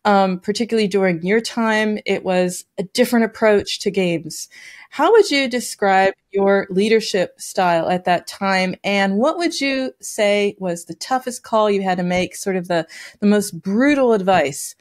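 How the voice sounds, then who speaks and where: A woman's voice: mid-range voice, unhurried. A woman interviewing a game company executive in a friendly, conversational way. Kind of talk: interview questions.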